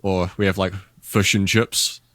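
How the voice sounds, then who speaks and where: A man's voice: sits low, flat delivery, measured pace, a bit bright, no echo, clean studio sound. A man with a New Zealand accent, chatting casually as a podcast guest in a laid-back, rambling way. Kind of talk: casual chat.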